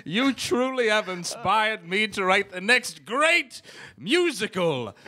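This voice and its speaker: A pompous community-theater ham, played by a man who speaks in grandiose declarations. His delivery is slow and theatrical, swooping widely up and down in pitch. The tone is bright and a little high. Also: big pitch swings, exaggerated voice. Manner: theatrical, self-important, drawn-out delivery. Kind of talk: improvised comedy scene.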